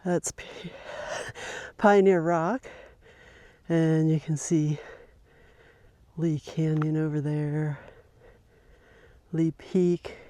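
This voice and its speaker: A woman's voice: sits low, steady tone, very slow, pauses often, mellow. A middle-aged woman chats loosely as she hikes a mountain trail, trailing off and restarting her sentences. The sound is dry and close, with almost no reverb. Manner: chatty and rambling, with many fillers and restarts. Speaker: hiking vlogger. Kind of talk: casual narration while hiking.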